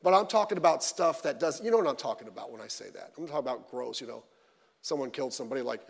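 A man preaching a sermon in a conversational, animated way, acting out what people say. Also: on the high side, fast, gravelly. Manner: conversational, animated, acts out quoted voices. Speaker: pastor. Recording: long hall reverb.

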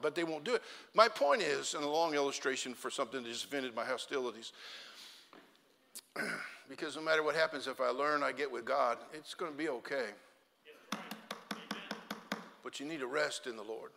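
A middle-aged male pastor preaching a sermon, telling humorous stories with animated outbursts to a church congregation. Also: a little high, a little fast, creaky, long reverb tail. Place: church sanctuary.

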